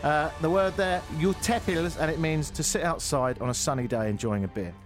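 A man's voice: on the high side, normal speed, soft background music. A young man in his twenties, co-hosting a casual radio chat, playful and jokey, stumbling over foreign words. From England. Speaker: radio co-host.

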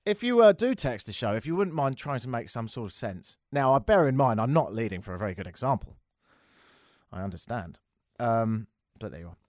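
A man's voice: medium pitch, very animated, brisk, a little mellow, no echo, clean studio sound. A man with an English accent hosting a call-in radio show, talking in a sarcastic, wry and rambling way. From England. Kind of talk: talk radio monologue.

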